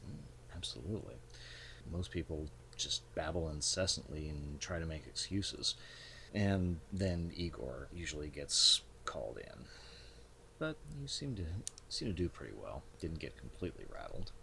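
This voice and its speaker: A man voicing a spare, courteous middle-aged man in a fine suit who speaks politely and haltingly. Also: extremely low pitch, lively intonation, vocal fry, sharp tone, slight background noise, full character voice.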